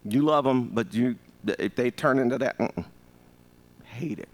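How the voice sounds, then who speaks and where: A man in his fifties preaching a sermon as pastor, animated and joking, calling on the congregation to answer. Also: medium pitch, a little slow. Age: 50s.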